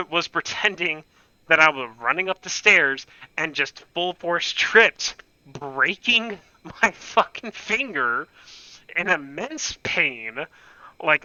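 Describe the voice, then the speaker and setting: Young guy rambling through a story, swears a lot, smooth clear voice, kinda high. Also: sharp tone, no echo, muffled recording. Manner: rambling, profane, self-mocking. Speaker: gaming channel host. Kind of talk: casual storytelling.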